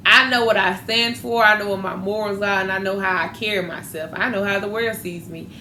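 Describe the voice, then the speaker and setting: A woman's voice: medium pitch, fairly even intonation, a little fast, pushed and bright. A woman hosting a podcast, talking candidly and animatedly about faith and dating. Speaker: podcast host. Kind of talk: casual faith talk. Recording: echoey room with faint noise.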